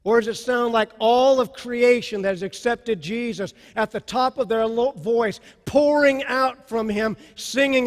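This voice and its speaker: A male pastor preaches with a high, ringing voice, pushing his lines out with fervor and then pulling back to a hush. Long reverb from a large hall trails every phrase. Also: unhurried, hardly any pauses. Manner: impassioned preaching that swings from soft to loud. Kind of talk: sermon.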